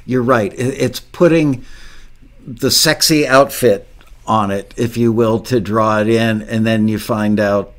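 A man's voice: on the low side, fairly even intonation, unhurried. A man hosting an interview podcast, chatty and enthusiastic, with frequent restarts. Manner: enthusiastic, talkative, many restarts. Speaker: podcast host. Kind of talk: casual interview chat.

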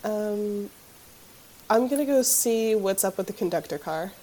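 Casting note: female player, mellow, mid-pitched, casual and matter-of-fact. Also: lively intonation, a little slow. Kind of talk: casual tabletop play.

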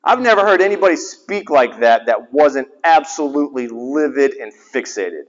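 Animated preaching man in a reverberant hall. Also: medium pitch, normal speed. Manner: animated, conversational preaching with sudden drops to a hushed voice. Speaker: chaplain. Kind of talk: sermon. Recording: dull, slightly lo-fi sound with long hall reverb.

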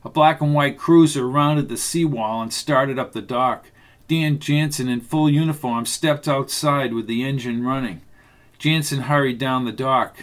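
A man reading a novel aloud as narrator, in a steady, measured way. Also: medium pitch. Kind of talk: audiobook narration.

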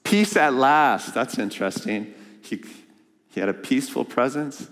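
A man preaching a sermon as a guest speaker, lively and joking, asking the congregation questions. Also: medium pitch, measured pace, long reverb tail. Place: church sanctuary.

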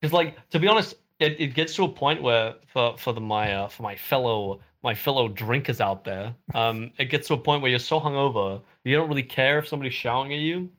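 Fast-talking laid-back man. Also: mid-range voice, fairly bright tone. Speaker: podcast guest. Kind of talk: casual chat.

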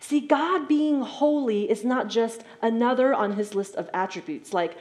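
A woman's voice: on the high side, a little slow, hardly any pauses, darkish tone. Woman preaching in a conversational tone. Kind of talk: sermon.

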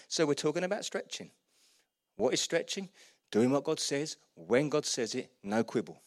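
A man's voice: on the high side, normal speed, dry recording, clean studio sound. A middle-aged man, a pastor preaching a sermon and acting out short everyday dialogues. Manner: animated preaching, acts out little dialogues.

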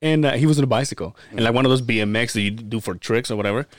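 A man co-hosting a podcast, telling stories in an animated, profane way and laughing often. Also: mid-range voice, rapid-fire, no room sound, studio quality. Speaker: podcast co-host. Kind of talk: casual storytelling chat.

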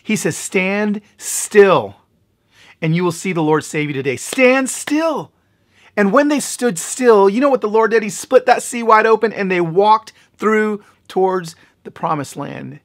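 A middle-aged male pastor preaching with lively storytelling. His pitch swings widely, climbing high and loud at the exciting moments before dropping back to a quiet, earnest tone. The delivery shifts pace freely, rushing through action and slowing down for emphasis. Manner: animated, building to loud excited peaks in stories. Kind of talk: sermon with storytelling.

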